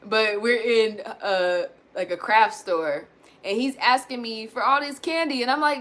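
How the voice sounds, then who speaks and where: A woman in her thirties venting candidly to her viewers, blunt and animated, swearing casually and calling them y'all. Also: medium pitch, fairly quick. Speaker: self-help vlogger.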